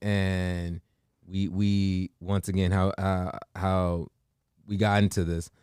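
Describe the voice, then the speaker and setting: In studio-quality audio with no room sound, an American morning show host talks casually in a deep, clear, resonant voice, taking it slowly. He animatedly acts out what others say and keeps restarting his sentences.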